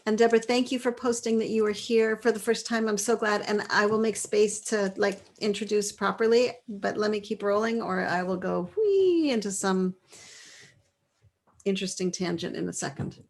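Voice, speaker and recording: A course leader in her forties runs a live online class, reading out chat replies in a gentle, affirming way and laughing often. Her voice is medium in pitch with a level tone and a moderate pace.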